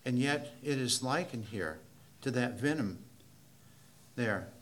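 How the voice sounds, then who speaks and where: A man teaching a Bible study class, slow and deliberate, repeating key phrases with building emphasis. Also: mid-range voice, lively intonation, a bit bright, slight background noise.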